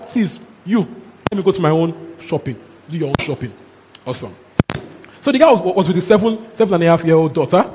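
A man preaching a sermon, telling a story in an animated way with chuckles and local exclamations. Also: on the high side, fairly quick. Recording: long hall reverb, faint background noise.

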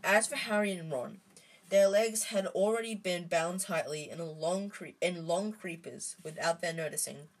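Husky woman reading a storybook aloud. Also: lowish voice, normal speed, poor audio. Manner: unpolished, frequent restarts and ums.

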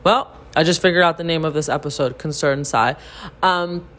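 A woman co-hosting a podcast, telling a story in casual, animated chat to her listeners, swearing freely and saying "like" a lot. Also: lowish voice, fairly quick. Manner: animated, profane, heavy use of "like". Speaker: podcast co-host.

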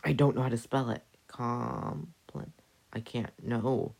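A man talks slowly in a rough, gravelly voice with a breathy edge. He rambles and stumbles over his words in a profane comedic monologue. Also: mid-range voice, darkish tone.

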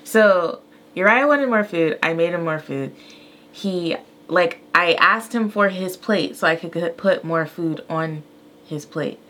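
Lower-voiced woman telling a candid story. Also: measured pace. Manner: animated, candid, acts out quotes. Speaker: podcast co-host. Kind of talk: casual storytelling.

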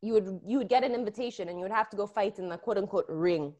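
A woman's voice: mid-range voice, fast talker, a little mellow, highs cut off. A young woman co-hosting a podcast, telling stories in casual chat, swearing freely and laughing often. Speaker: podcast co-host.

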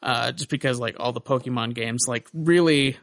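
A man's voice: medium pitch, normal speed, fairly bright tone, no room sound. A young man co-hosting a gaming podcast, rambling casually with many fillers. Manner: rambling with lots of uh and like. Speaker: podcast co-host. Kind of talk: casual chat.

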